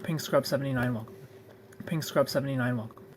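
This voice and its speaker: Playful streamer reading chat out loud, mid pitch, lil bit of hiss behind. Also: quick pace. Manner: chatty and playful, greets viewers by name, laughs often. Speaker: live streamer. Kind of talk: casual live-stream chat, reading viewer comments.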